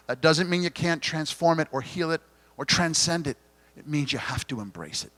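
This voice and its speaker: A middle-aged man giving an inspirational keynote talk at a conference, earnest and gently confessional, with dramatic pauses. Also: mid-range voice, animated, dry recording. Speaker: keynote speaker. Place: conference hall stage.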